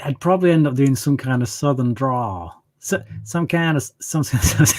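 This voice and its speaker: A man's voice: on the high side, a bit bright. Rambling man host of a livestream Q&A. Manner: rambling and opinionated, hums filler syllables while reading chat. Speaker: channel host answering viewer questions. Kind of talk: casual livestream Q&A.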